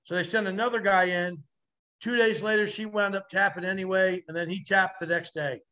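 A man guesting on a podcast, telling animated stories with vivid, salty language and acting out the voices of others. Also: sits high, fairly quick, highs cut off. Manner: vivid, acts out quoted voices, swears freely. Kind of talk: animated storytelling.

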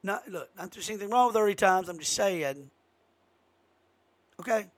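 A man giving an impassioned political monologue as host, emphatic and given to sudden loud outbursts. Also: sits high, expressive, moderate pace.

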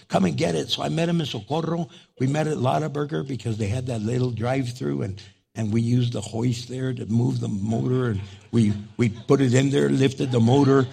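A middle-aged pastor with a New Mexican Chicano accent tells a story during his sermon, animatedly acting out the dialogue with big leaps in pitch. His voice is creaky and husky, at a normal speed.

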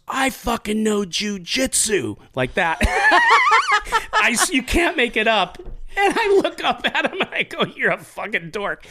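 A man hosting a podcast, telling stories in casual, profane chat. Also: medium pitch. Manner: profane, animated storyteller. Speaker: podcast host.

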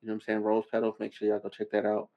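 A man's voice: on the low side, monotone, rapid-fire. Exasperated man ranting, lo-fi audio. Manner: exasperated, repetitive, emphatic. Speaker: podcast host. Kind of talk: casual commentary rant. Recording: slightly muffled, lo-fi audio.

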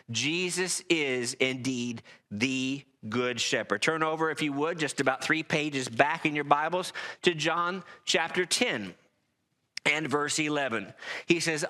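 A man's voice: fairly high pitch, bright, forceful tone. A man preaching a sermon to a congregation, reading scripture aloud and making emphatic points.

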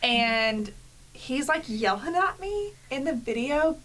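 A woman from the Southern US co-hosting a podcast, telling lively stories in casual chat and laughing often. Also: high-pitched, slow pace. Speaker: podcast co-host.

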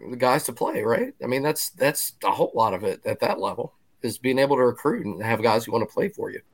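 A man in his fifties hosting a casual podcast, talking conversationally with restarts and quick asides. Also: medium pitch, animated. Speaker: podcast host.

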